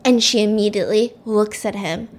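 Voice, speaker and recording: A woman's voice: mid-range voice, normal speed. A young woman telling a story in a casual, chatty way, acting out the characters' lines as she goes.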